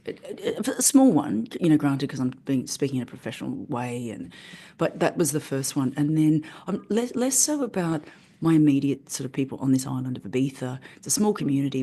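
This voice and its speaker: A woman speaking candidly to her coach, rambling and shifting tone quickly. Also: extremely low pitch, warm tone. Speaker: coaching client. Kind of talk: candid personal talk.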